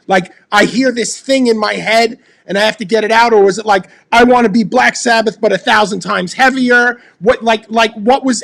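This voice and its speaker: High-voiced, eager middle-aged male host. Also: vocal fry, bright, forceful tone. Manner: enthusiastic, stumbling over his questions. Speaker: podcast host. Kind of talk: casual interview chat.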